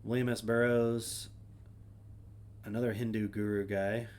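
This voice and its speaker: A man's voice: on the low side, level tone, unhurried, darkish tone. A man hosting a casual solo stream, reading names aloud and adding wry, offhand asides. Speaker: streamer host.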